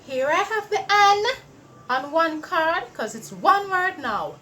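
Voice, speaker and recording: A woman teaching young children to read, slowly sounding out letters and cheering them on. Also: high-pitched, big pitch swings, a bit bright, a little hiss or hum. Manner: slow, drawn-out sounding out of letters. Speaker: early-reading teacher. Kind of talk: children's phonics lesson.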